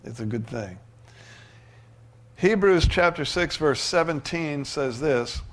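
A man's voice: fairly high pitch, expressive, slow, long pauses. Emphatic man preaching a sermon. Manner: emphatic preaching with sudden loud rises and soft drops. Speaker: pastor.

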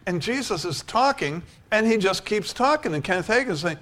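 A man's voice: high voice, animated, brisk, a bit bright. An older man preaching a sermon, telling stories and building to emphatic declarations. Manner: storytelling, rising to emphatic preaching.

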